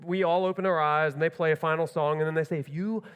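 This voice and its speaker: Animated youth pastor in a reverberant hall. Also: male voice, fairly high pitch, fast talker, smooth. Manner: self-mocking, animated, rambling with restarts. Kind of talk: comic sermon storytelling. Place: church.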